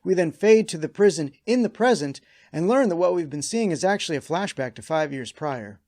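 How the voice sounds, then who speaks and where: A man's voice: a little high, animated, fairly quick, darkish tone. A man hosting a scripted cartoon episode recap, with wry, sarcastic asides. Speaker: host.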